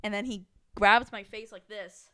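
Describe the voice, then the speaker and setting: A woman's voice: medium pitch, fairly even intonation, normal speed, crowd noise. A young woman co-hosting a casual podcast, laughing often and jumping in to add to the story. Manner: giggly, laughs often, jumps in to finish stories. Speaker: podcast co-host.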